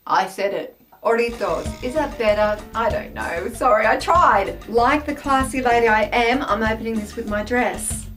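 Chatty Australian woman, higher voice. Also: normal speed, hardly any pauses, fairly bright tone, soft background music. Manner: chatty, self-mocking, exclamatory. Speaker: food taste-test vlogger. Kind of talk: casual vlog taste test.

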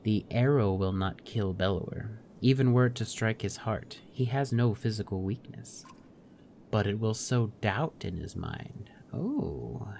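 A man voicing a calm, wise mystic woman in a game, reading her lines in a slow, measured, solemn way. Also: fairly low pitch, vocal fry, a little hiss or hum. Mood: earnest.

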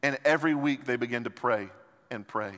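A man's voice: medium pitch, fairly quick. Impassioned male pastor, reverberant sanctuary. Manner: impassioned preaching, swinging between soft and loud. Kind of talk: sermon. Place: large church sanctuary. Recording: long hall reverb from church sanctuary.

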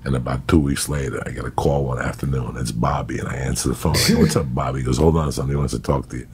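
A man's voice: extremely low pitch, steady tone, rapid-fire, darkish tone, slight background noise. A middle-aged man rambling through profane, raunchy comic stories as a guest storyteller.

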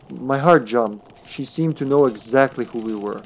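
A man's voice: mid-range voice, normal speed, creaky, hardly any pauses. A man streaming a text game, narrating it aloud with chatty, jokey asides. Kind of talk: casual game narration with commentary.

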